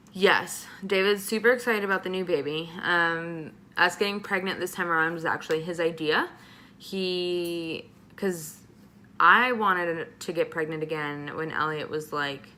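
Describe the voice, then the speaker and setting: Young pregnant woman vlogger, casual chatty Q&A delivery, lower-pitched, faint room hum behind. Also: bright, forceful tone. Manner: chatty, many ums and likes. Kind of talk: casual Q&A vlog.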